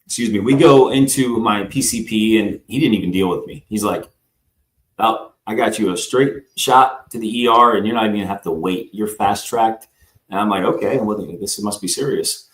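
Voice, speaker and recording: A man with a fairly low voice tells his personal story as a guest on a live talk show. He rambles, acts out the people in the story and keeps addressing the host. The recording has a roomy echo. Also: normal speed, fairly bright tone.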